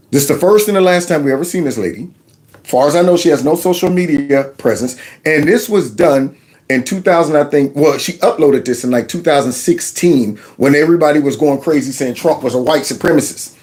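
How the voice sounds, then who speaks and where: A man's voice: a little high, darkish tone. Sarcastic man hosting a commentary show. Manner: sarcastic, mocking asides. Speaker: commentary channel host. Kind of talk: casual political commentary.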